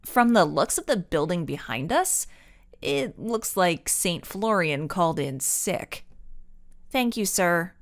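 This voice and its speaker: A woman voicing a polite, quick-witted young detective girl in a storybook, enunciating carefully. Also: on the low side, lively intonation. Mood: polite, puzzled.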